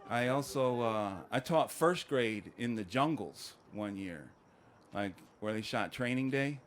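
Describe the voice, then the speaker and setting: A man performing a stand-up comedy set, telling stories in a conversational, deadpan way. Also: medium pitch, a little slow, slight background noise. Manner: conversational, deadpan storytelling with acted quotes.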